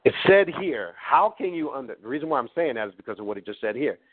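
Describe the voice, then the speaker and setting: A man lectures in a blunt, preachy way and swears freely. His voice sits at an ordinary pitch for a man. The sound is thin and tinny, like a phone line. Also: very animated, rapid-fire. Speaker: host. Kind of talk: profane teaching talk.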